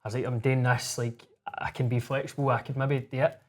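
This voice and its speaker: Scottish man, co-host, rapid storyteller, sweary, relaxed whisky-lounge banter. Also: mid-range voice. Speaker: podcast co-host. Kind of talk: casual chat over whisky.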